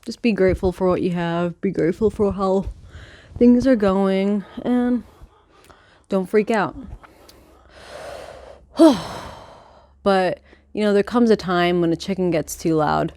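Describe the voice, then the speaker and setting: A woman with a medium-pitched voice hosts a casual, excitable book club podcast by a chicken coop, swearing freely as she rambles, filmed on a handheld phone. She talks slowly with long pauses, and despite the clucking chickens there is no room sound.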